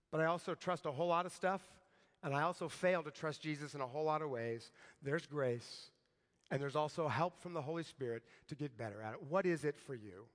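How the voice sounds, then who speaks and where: A man delivers a sermon as a relaxed, conversational story, tossing in "right?" to keep listeners with him. His voice sits high for a man. The sound carries a long reverb, as in a large hall. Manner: conversational, tag questions like "right?". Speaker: preacher.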